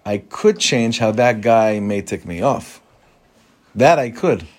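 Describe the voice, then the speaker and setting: A man's voice: on the low side, animated, takes it slowly. A man, a rabbi giving an informal Torah class in a conversational way, mixing Hebrew terms into his English and putting questions to the room.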